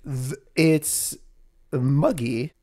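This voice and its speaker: A young man from New York co-hosting a podcast, ranting in a casual, animated way and laughing often. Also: mid-range voice, very slow. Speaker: podcast co-host. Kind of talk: casual chat.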